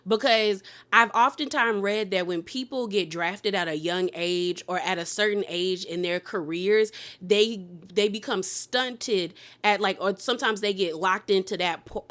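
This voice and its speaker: A woman casually recapping a reality TV episode, sassy and animated, laughing often and acting out quotes. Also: mid-range voice. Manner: sassy, conversational, heavy use of "like".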